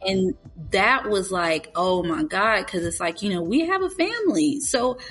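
A woman talking earnestly and openly about hard conversations, speaking in bursts with quick asides. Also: medium pitch, animated, a bit bright, soft background music. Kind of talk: candid conversational sharing.

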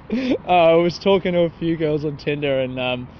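A young man hosting a rambling solo podcast on a city street at night, talking into his phone, swearing and mocking himself. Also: fairly high pitch. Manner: profane, self-mocking, laughs at his own jokes. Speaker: podcast host. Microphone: phone held while talking. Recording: dull phone recording with street noise. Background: faint traffic and passers-by.

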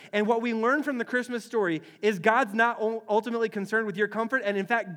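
A man preaching a sermon as pastor, animated, acting out scenes with voices and often restarting and repeating words. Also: sits high.

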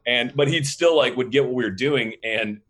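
A film director being interviewed, talking casually with many fillers and restarts, acting out quotes from the set. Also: male voice, medium pitch, moderate pace, fairly bright tone. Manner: rambling, filler-heavy, acts out quotes.

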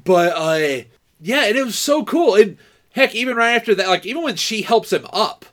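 A man co-hosting a casual movie podcast, talking in a high, bouncy voice that swings all over its range. He rambles, restarts his sentences and swears freely as he gets worked up. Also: lively intonation, normal speed, fairly bright tone. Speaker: podcast co-host.

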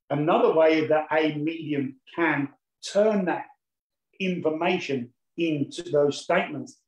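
A man's voice: fairly high pitch, a little mellow, reverberant, poor audio. A man teaching a class on mediumship, explaining his points patiently and repeating key phrases for emphasis. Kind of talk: lecture on mediumship.

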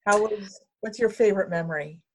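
A woman's voice: medium pitch, a little fast, darkish tone. Woman host of a casual chat.

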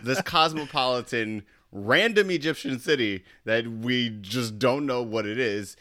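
A man co-hosting a casual podcast, mostly chiming in with quick agreement and short pointed lines, then laying out a summary of the argument. His voice sits at a middle pitch. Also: bright, forceful tone. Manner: interjecting, agreeing, short remarks. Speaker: podcast co-host.

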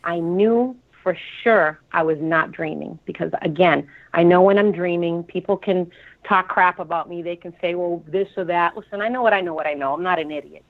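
A woman with a Boston accent calling in, retelling a frightening experience in an animated, dramatic way. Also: on the low side, normal speed. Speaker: caller. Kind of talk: call-in storytelling. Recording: tinny phone line.

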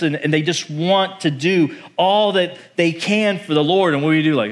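Male pastor, sermon delivery, animated and conversational, voice a touch higher than most men. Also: moderate pace. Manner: animated, conversational preaching that acts out quoted voices.

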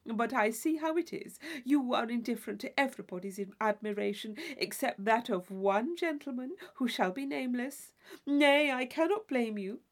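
A woman voicing an effusive, flattering young woman friend in a storybook reading, full of breathless exclamations. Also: fairly high pitch, moderate pace. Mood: gushing.

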